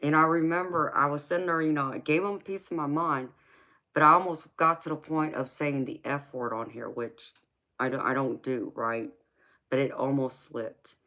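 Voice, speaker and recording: A woman's voice: sits low, fairly even intonation, moderate pace, pushed and bright. Passionate woman chatting on a live stream. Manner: passionate, emphatic, talks to chat with endearments. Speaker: tarot reader and live streamer. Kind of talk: casual live-stream chat with viewers.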